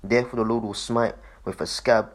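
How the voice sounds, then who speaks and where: A man's voice: mid-range voice, fairly even intonation, brisk. A man giving loose, profane commentary on a video, laughing often and repeating himself. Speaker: online commentator.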